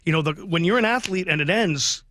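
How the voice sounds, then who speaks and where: Heartfelt man, bright and dry. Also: fairly high pitch, a little fast, no echo. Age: middle-aged. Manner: heartfelt, rambling, chokes up. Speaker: radio sports broadcaster, guest. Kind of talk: emotional radio interview.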